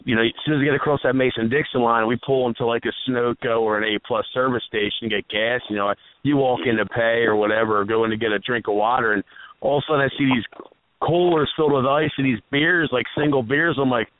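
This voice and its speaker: A man's voice: medium pitch, fairly even intonation, fast talker, no room sound. A man from Pennsylvania telling a story in casual radio chat, laughing along the way. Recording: phone-like, dry radio audio.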